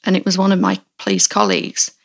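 A woman in her forties hosting a podcast, telling a story in a candid, halting way and often restarting her sentences. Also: fairly low pitch, big pitch swings, creaky. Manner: candid, halting, self-correcting. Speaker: podcast host. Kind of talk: storytelling in casual chat.

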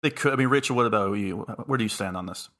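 A man's voice: on the low side, fast, bright, forceful tone. A man hosting a casual podcast chat, musing aloud and laughing between points. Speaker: podcast host.

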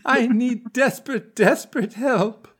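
This is a haunting, breathy leading lady who drags out every word in a high falsetto, as a man puts on her voice. She pleads slowly and theatrically. It is a comedy podcast bit. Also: a bit bright, exaggerated voice. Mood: pleading. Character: impression of a famous actress, breathy and desperate. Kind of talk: improvised comedy reading.

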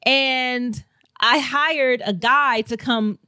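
An animated woman from St. Louis tells a story as a podcast guest, often breaking into laughter. Her voice is bright and sits a little high. The sound is dry and close. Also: extremely slow, dry recording. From St. Louis, Missouri. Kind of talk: casual storytelling.

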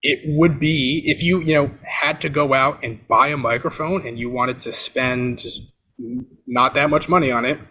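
A man talking casually over a video call, explaining audio gear as a podcast guest, with a relaxed, filler-heavy manner. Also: medium pitch, normal speed, a little hiss or hum. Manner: relaxed, chatty, lots of fillers like "you know" and "um". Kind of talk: casual explanatory chat, demonstrating microphones. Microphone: switching between webcam mic and USB condenser over a video call.

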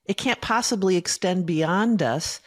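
A woman's voice: on the low side, unhurried. A woman co-hosting a podcast, affirming and thoughtful in casual conversation. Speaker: podcast co-host. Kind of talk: casual chat.

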